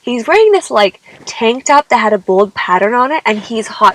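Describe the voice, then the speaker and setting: A woman's voice: fairly high pitch, very animated, normal speed, hardly any pauses, rough recording. A young woman singer telling a personal story in a dramatic, exasperated way, often saying "like" and "okay?". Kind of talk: confessional storytelling vlog.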